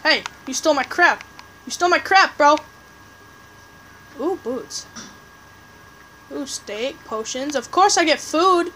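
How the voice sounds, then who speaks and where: A woman chatting through a game session as commentator, rambling and excitable, tossing jabs at other players. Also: high-pitched, slow, pauses often, slight background noise, rough recording. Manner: rambling, excitable, trash-talking teammates; restarts and fillers, chatty. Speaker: gameplay commentator. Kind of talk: casual live game commentary.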